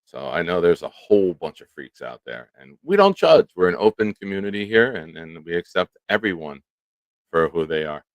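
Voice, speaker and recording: A man hosting a casual live stream, animated and chatting with viewers by name. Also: sits low, moderate pace, dry recording, muffled recording. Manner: animated, talks to chat by name. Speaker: show host. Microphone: studio microphone.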